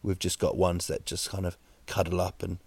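A man hosting a podcast, delivering a rambling, wry comic monologue full of halting restarts. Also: deep voice, little pitch movement, vocal fry, a little mellow, husky, no echo. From New Zealand. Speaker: podcast host.

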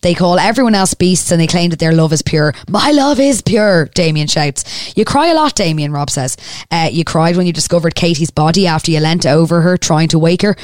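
A woman, recapping a TV episode on a podcast, swearing and reading out scenes quickly. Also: low voice, fairly even intonation, no echo, clean studio sound. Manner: narrates scenes quickly, swears, drops to near-whisper asides.

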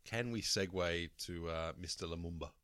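Australian male podcast co-host, low voice, dry sound, casual and cheeky. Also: moderate pace, fairly bright tone, clean tone, no echo. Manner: swearing, laughing storyteller doing bloke impressions. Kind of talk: casual sports chat.

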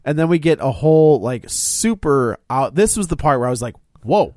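A man co-hosting a podcast, recapping a movie in a casual chat, with halting restarts and laughing asides. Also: a little high, big pitch swings, darkish tone, no echo, clean studio sound. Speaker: podcast co-host.

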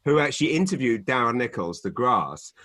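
Man, podcast co-host, animated rambling storyteller, bright tone. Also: mid-range voice, a little fast, no echo. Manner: animated storytelling, lots of fillers and restarts. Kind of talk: casual chat. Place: home in Canada.

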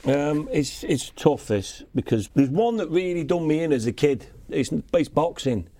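A man's voice: a little high, lively intonation, moderate pace, dark tone, slight background noise. A man captaining a team on a sports quiz podcast, telling stories in a chatty, rambling way. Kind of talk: casual banter and storytelling.

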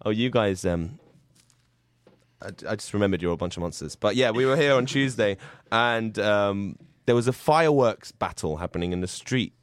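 A man hosting an improv comedy show, excitable, yelping and laughing along. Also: on the low side, moderate pace, clear, resonant tone, dry recording. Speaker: host.

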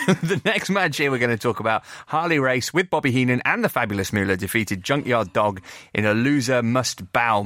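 A man hosting a wrestling podcast, playful and lively, switching between casual chat and reading an ad. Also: mid-range voice, no room sound, studio quality. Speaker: podcast host.

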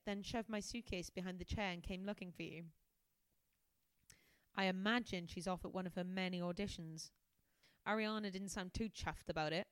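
A woman's voice: on the low side, fairly even intonation, moderate pace, clear, resonant tone, dry recording. A woman guest on a podcast, reading passages from a detective novel aloud and breaking off for amused, laughing asides. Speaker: podcast guest, comedian and scientist.

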